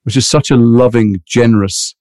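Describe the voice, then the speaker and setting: A middle-aged actor telling animated anecdotes in an interview, acting out other people's voices. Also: male voice, mid-range voice, normal speed, no echo, clean studio sound. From England. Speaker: actor guest.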